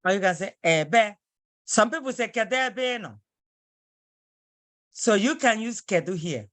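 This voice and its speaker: A woman's voice: mid-range voice, animated, unhurried, no room sound. A woman teaching a language lesson, patiently repeating phrases word by word.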